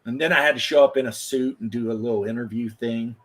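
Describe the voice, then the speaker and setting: A man's voice: medium pitch, quick pace. A man in his thirties, a former firefighter, telling rambling, profane stories in casual chat. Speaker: podcast host, former firefighter.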